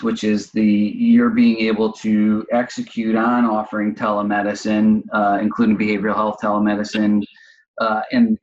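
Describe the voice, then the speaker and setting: A man with a fairly low voice asks questions as the interviewer, talking conversationally and stumbling over repeated words. The sound is dull and muffled, like lo-fi audio.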